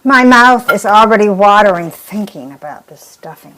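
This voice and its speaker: A woman's voice: medium pitch, expressive, normal speed, a bit bright, low-quality recording. A woman co-hosting a cooking show in a home kitchen, chiming in with enthusiastic asides. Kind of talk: casual cooking demonstration.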